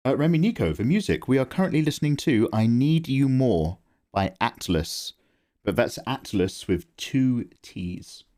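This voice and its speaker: A man chatting casually to viewers on a live stream while drawing. He gets excited easily and swears freely, speaking into a close microphone. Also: medium pitch, a little slow.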